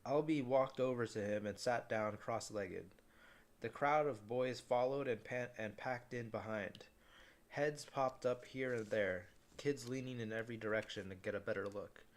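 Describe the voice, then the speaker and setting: A man's voice: mid-range voice, normal speed. A man reading a novel aloud in a casual way, often stumbling and restarting words.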